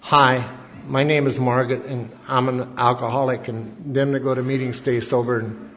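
A man's voice: medium pitch, slight background noise, voice pushed down, close to an everyday voice. A man quoting a droning old woman. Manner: flat, halting, repetitive. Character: plodding old woman repeating one speech. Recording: dull lo-fi recording in an echoey hall.

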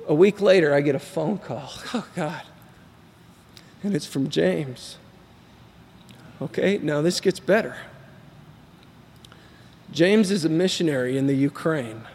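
Middle-aged guy telling his recovery story, kinda high voice, rambles and does the voices, echoey hall. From Texas. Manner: rambling storyteller, acts out quotes, self-deprecating. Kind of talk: personal recovery talk to a group.

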